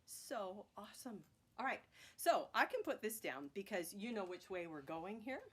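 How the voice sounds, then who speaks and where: A woman's voice: medium pitch, sing-song, moderate pace, husky. A woman teaching a children's music class, chanting rhythm words and cheering on her young learners. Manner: encouraging, sing-song chanting of rhythm words.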